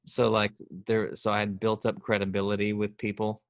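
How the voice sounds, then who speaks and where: A man's voice: fairly low pitch, monotone, moderate pace, no echo, dull audio. A man as a podcast guest in casual chat, joking and rambling with lots of restarts.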